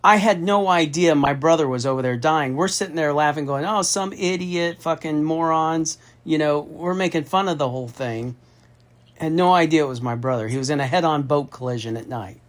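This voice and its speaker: A man's voice: fairly high pitch, a little fast. Profane, emphatic middle-aged man telling a story. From Austin, Texas. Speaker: federal contracting consultant. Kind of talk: storytelling in a phone conversation.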